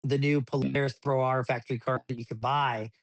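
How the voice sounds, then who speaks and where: A man's voice: medium pitch, fairly quick, no room sound. Rambling man, dry close mic. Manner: rambling with frequent restarts, animated when retelling. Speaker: desert racing driver, podcast guest. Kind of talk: casual interview storytelling.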